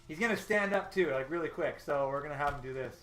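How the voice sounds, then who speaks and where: A man's voice: fairly high pitch, fast, a bit bright. Chatty man in an echoey room. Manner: rambling, chatty, laughs often. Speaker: artist hosting a storyboarding stream. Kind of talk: casual live-stream chat while working. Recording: echoey room with faint music.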